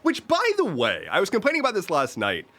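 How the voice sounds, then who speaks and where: A young man with a deep voice, getting over an illness, chatting casually as a livestream host and reading out viewer comments, rambling with many restarts and fillers. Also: huge pitch swings, fast, pushed and bright. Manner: rambling, self-interrupting, lots of "like" and restarts.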